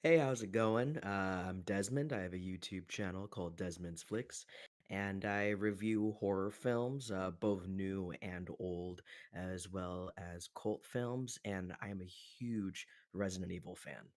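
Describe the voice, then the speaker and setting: A man's voice: low voice, measured pace. A man who reviews horror films, introducing himself on a podcast in a friendly, straightforward way. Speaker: horror film reviewer guest. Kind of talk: casual podcast chat.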